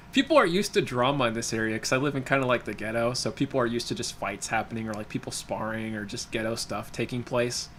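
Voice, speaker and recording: A man's voice: medium pitch, lively intonation, brisk, sharp tone, slight background noise. Young male streamer, casual rambling storyteller, mid-range voice. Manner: rambling, laughs often, many fillers and restarts. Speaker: livestream host. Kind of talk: casual chat while reading viewer comments.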